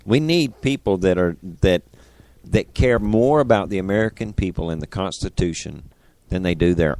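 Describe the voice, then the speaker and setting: A man's voice: sits low, no echo. Indignant male talk radio host. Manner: animated, indignant, sarcastic. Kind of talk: casual political talk radio.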